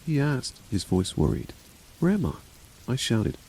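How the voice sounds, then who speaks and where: A man's voice: on the low side, sing-song, normal speed, gravelly, warm tone, breathy edge, poor audio. A man narrating a horror story as a scripted reading, voicing every character himself.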